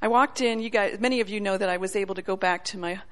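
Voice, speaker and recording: A woman from the Chicago area, preaching and telling a personal testimony story in an animated, laughing way. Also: mid-range voice, fast. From Chicago area, USA.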